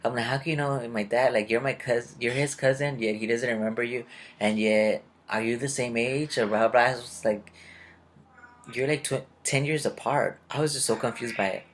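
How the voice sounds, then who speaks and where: A man's voice: mid-range voice, fairly even intonation, moderate pace, slight background noise. A young man casually telling a rambling personal story and acting out the people he met. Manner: rambling, confused, retells conversations in quotes. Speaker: vlogger.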